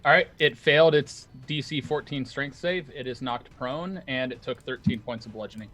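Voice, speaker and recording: A man's voice: mid-range voice, moderate pace, a bit bright. A man playing a tabletop game, explaining his moves methodically with hesitant fillers. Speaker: player. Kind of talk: casual tabletop play.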